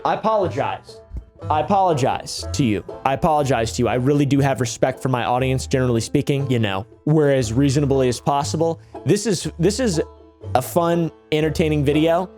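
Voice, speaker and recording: A man's voice: on the high side, darkish tone. A man giving sarcastic reaction commentary on a video, with mocking, exasperated asides. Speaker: commentary YouTuber.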